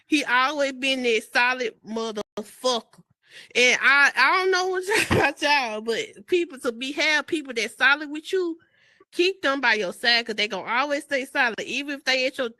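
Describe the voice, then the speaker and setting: A woman speaks on a podcast in a bright, fairly high voice. She is heartfelt, laughs often and swears casually. The sound is dry and close. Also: dry recording. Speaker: podcast co-host. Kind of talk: emotional casual chat.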